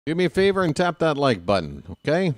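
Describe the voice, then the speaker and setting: A man streaming casual live baseball play-by-play, chatting with viewers and reading out their names between pitches. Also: sing-song, fast talker, no echo, clean studio sound. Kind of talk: live play-by-play with chat shout-outs.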